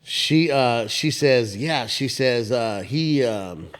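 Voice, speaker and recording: A man's voice: mid-range voice, animated, takes it slowly, clear, resonant tone. A man co-hosting a podcast in casual chat, telling a rambling, profane story and laughing often along the way. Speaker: podcast co-host.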